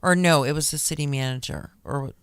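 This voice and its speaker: A man's voice: a little high, fairly quick, a bit bright, clear, resonant tone, no room sound. A man co-hosting a podcast, chatting casually with playful, sarcastic teasing. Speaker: podcast co-host. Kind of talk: casual chat.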